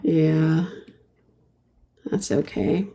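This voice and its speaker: Slow, gravelly middle-aged woman teaching painting. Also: sits low, mellow. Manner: chatty, frequent ums, answers viewer comments as she paints. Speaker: painting instructor. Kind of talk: casual live painting tutorial chatting with viewers.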